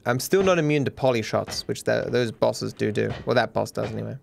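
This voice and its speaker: An Australian man with a brisk, creaky mid-range voice livestreams a game against a noisy background. He chats offhandedly and reads and answers viewers' questions as he plays.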